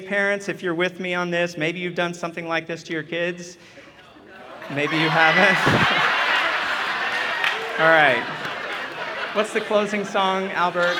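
A man's voice: high voice, noisy background. A man in his thirties, a chaplain, telling a self-deprecating story in a chatty, humorous sermon to a retreat audience. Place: church retreat meeting hall. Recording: reverberant hall.

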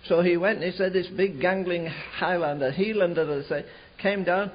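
A man preaching a sermon, telling a revival story in an animated way, slowing and rising for emphasis. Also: high voice, husky. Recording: dull lo-fi recording.

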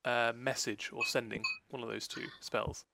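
A man's voice: mid-range voice, level tone, moderate pace, creaky, sharp tone, a little hiss or hum. A man narrating a tabletop role-play game as game master, rambling with lots of fillers.

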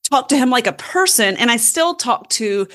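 A woman hosts a casual interview, chatty and self-deprecating. Her voice sits fairly high, and laughter comes easily to her. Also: lively intonation, moderate pace, fairly bright tone. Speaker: podcast host.

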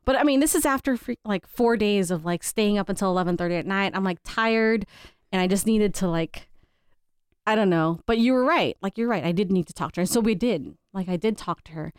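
Podcast co-host, woman, 30s, candid storyteller, smooth voice, dry close mic. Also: mid-range voice, brisk, no echo. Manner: candid, laughs between stories, quotes people in changed voices. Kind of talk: casual family chat.

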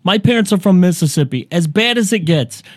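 A man's voice: high voice, expressive, fairly quick, dry recording, studio quality. A man hosting a casual comedic chat, rambling and emphatic, often restarting his sentences.

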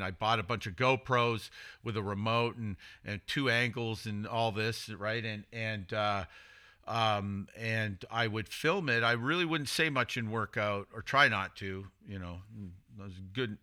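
A man's voice: medium pitch, pushed and bright. A man hosting a casual podcast conversation, talking as a coach in a rambling way with many restarts.

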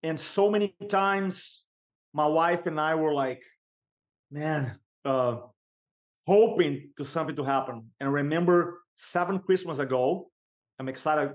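Animated man telling a story. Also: a little high. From Brazil. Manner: animated, emphatic storyteller with vivid pauses. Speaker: podcast guest. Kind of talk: personal storytelling.

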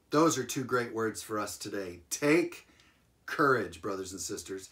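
A man preaching a sermon, retelling a Bible story with lively emphasis, repeated phrases and frequent chuckles. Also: lowish voice, measured pace.

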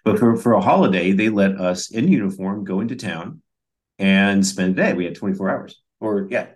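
A man's voice: lowish voice, lively intonation, moderate pace. A middle-aged man co-hosting a casual chat, telling rambling stories with many restarts. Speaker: podcast co-host.

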